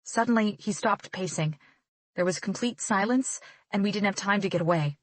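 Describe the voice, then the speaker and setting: A woman's voice: medium pitch, moderate pace, no room sound. Woman narrating a tense audiobook. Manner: tense, dramatic reading. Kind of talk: first-person romance audiobook narration.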